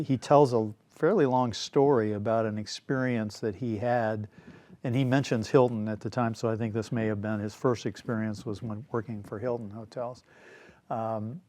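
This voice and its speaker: A man hosting a casual book discussion, talking in a relaxed, rambling way with frequent fillers and some throat clearing. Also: medium pitch, dry recording. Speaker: show host.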